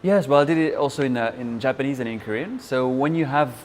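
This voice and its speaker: A young man from France with a French accent, answering interview questions in a halting way, full of fillers and restarts. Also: medium pitch, a little hiss or hum. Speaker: interview guest.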